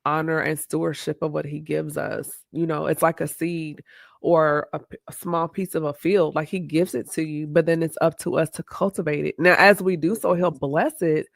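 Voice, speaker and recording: An interviewer responding warmly and reflecting at length in an affirming, preaching manner. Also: mid-range voice, fairly even intonation, moderate pace, gravelly, dry recording, studio quality. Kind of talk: casual interview talk.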